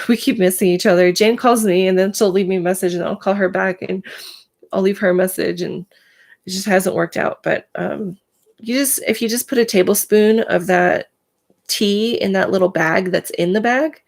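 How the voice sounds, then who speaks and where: A woman's voice: medium pitch, normal speed. A woman hosting a casual live stream, chatting to viewers by name, full of filler words, and in pain today.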